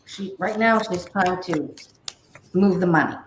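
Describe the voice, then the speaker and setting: A woman guest on a casual tarot reading chat, talking in a relaxed, conversational way. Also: on the low side, measured pace. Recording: echoey room with faint noise.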